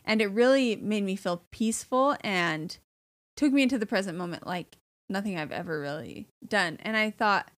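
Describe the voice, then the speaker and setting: A woman's voice: mid-range voice, moderate pace, fairly bright tone. A woman in her thirties chats casually as a podcast co-host. She talks with plenty of fillers and laughs often, in a mid-range voice. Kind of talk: casual chat.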